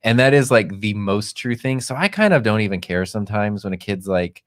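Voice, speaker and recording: A teacher who co-hosts a casual podcast chats loosely and laughs often at his own stories, playing the self-deprecating type. His voice is lowish and a little fast with few pauses, recorded dry in a clean studio.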